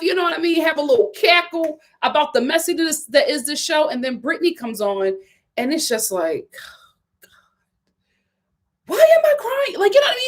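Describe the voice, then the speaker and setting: A woman's voice: high voice, fairly bright tone. A woman giving a sassy, emphatic live review of a reality TV show, often repeating her points for effect.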